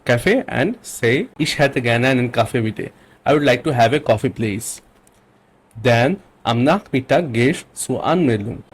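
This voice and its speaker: Husky, lively man teaching phrases. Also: medium pitch. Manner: explains patiently, repeats phrases slowly. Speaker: language teacher. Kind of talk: teaching German to English speakers.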